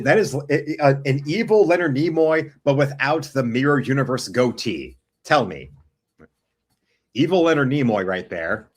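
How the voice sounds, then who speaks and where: A man with a mid-range voice hosts a casual stream. He jokes with his friends and reads a film review aloud at an easy pace. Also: medium pitch. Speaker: host of an art stream.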